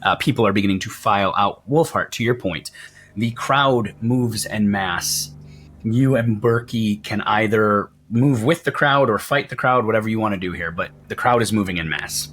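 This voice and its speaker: A man's voice: fairly low pitch, moderate pace, fairly bright tone, soft background music. A man running a tabletop game, describing scenes in a casual, conversational way. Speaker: game master.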